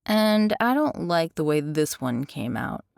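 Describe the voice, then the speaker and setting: A woman's voice: deep voice, big pitch swings, unhurried, gravelly, darkish tone, no room sound, clean studio sound. A woman hosting a voiceover tutorial in an upbeat, chatty scripted narration with playful asides. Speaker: tutorial host.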